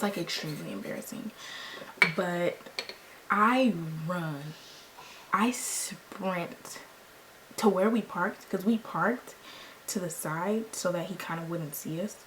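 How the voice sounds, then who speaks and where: Young woman, beauty vlogger, casual storytime, slangy and lively, faint noise floor. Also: mid-range voice, low-quality recording. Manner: animated, slangy, acts out quoted lines. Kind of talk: casual storytime while doing makeup.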